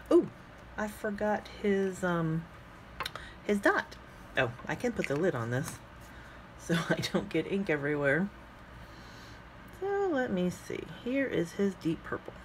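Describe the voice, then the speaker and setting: A woman vlogging casually as she swatches inks, chatting and thinking out loud with frequent fillers as she works. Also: lowish voice, sing-song, takes it slowly, pauses often, slight background noise. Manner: talks to herself while working with her hands. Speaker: fountain pen ink vlogger.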